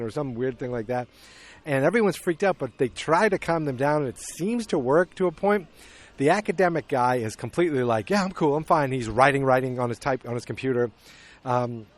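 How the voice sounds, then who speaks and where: A middle-aged man hosting a podcast, recapping a movie in casual chat and acting out its scenes as he goes. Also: medium pitch. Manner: animated storytelling, acting out scenes. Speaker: podcast host.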